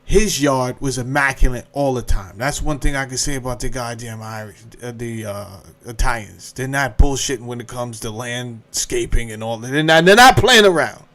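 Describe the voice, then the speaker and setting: A man's voice: mid-range voice, moderate pace, hardly any pauses. A man hosting a podcast, telling a comedic story with lots of profanity and acted-out quotes. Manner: profane, animated, acts out quotes. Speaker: podcast host.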